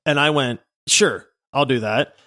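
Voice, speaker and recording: A man's voice: medium pitch, unhurried, sharp tone. A man co-hosting a gaming podcast in casual chat, telling stories playfully and dramatically for laughs. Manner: playful, dramatic storyteller who exaggerates for laughs. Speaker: podcast co-host.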